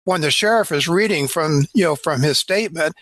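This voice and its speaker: A man's voice: fairly high pitch, a little fast, a bit bright, no room sound. A middle-aged man, a lawyer guest on a podcast, explaining points of law in a chatty way with many "you know" fillers. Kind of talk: casual podcast chat.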